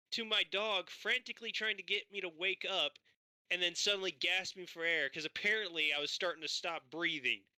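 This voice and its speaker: Guest on a stream, man, animated ranting storyteller; bright, smooth voice, close and dry. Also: sits high, no room sound. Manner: animated, swearing storyteller who acts out both sides of conversations. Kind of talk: casual chat.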